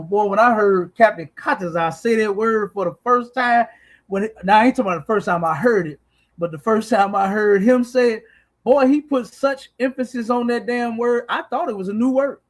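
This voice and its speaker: High-voiced man preaching on a podcast. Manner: emphatic, profane, repeats "you understand?". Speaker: podcast host.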